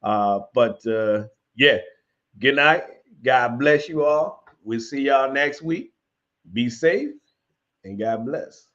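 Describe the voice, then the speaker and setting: A man co-hosts a casual chat show in a relaxed, rambling way, full of fillers. His voice sits in a middle range. The sound is a little dull and lo-fi. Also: medium pitch, takes it slowly. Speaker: co-host.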